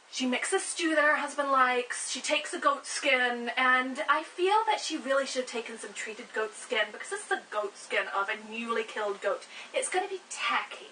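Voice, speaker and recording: Bright, chatty woman retelling a story. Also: high voice, recorded from a distance, slight background noise, low-quality recording. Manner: chatty, wry, animated. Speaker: host. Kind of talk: casual comedic retelling.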